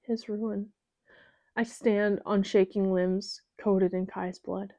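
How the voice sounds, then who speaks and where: A woman's voice: mid-range voice, flat delivery, slow pace, warm tone, dry recording. A woman narrating a novel in the first person as an audiobook reader, voicing the dialogue with raw, emotive intensity on a close mic. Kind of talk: dramatic first-person fiction reading.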